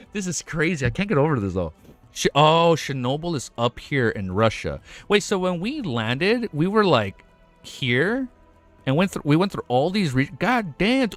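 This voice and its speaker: A young man streaming live, reacting excitedly with lots of swearing and laughing at himself. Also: a little high. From United States.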